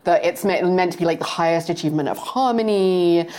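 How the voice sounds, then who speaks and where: A woman's voice: on the low side, brisk, mellow. A woman interviewing a poet about her book, talking in an enthusiastic, self-deprecating way with many fillers. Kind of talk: onstage book conversation.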